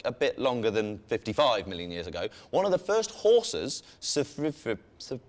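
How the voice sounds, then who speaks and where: Young man, co-host, playful, cheeky asides, scripted science news, lively pitch. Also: normal speed. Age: young adult. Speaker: co-host of a student science show.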